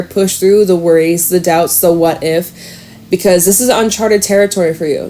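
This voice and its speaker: A woman giving a casual tarot reading, chatty and excitable, swearing and laughing now and then. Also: lowish voice. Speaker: tarot reader.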